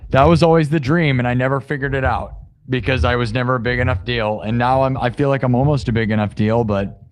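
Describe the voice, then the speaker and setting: A man's voice: medium pitch, steady tone, fast. A man hosting his own live stream, chatting casually to viewers in a rambling way and correcting himself as he goes. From United States. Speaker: live-stream musician host.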